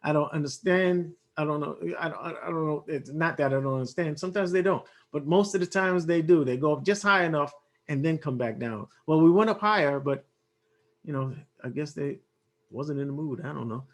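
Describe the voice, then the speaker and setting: Higher-pitched man thinking aloud over charts. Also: fairly quick. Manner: thinks aloud, many fillers and restarts, talks straight to viewers. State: losing his voice. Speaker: forex trading analyst. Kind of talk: casual chart walkthrough.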